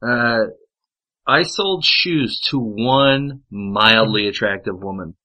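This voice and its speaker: Profane, bright-voiced male storyteller. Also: on the low side, slow, dull audio. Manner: profane, rambling anecdotes with frequent fillers. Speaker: podcast storyteller. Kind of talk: casual chat.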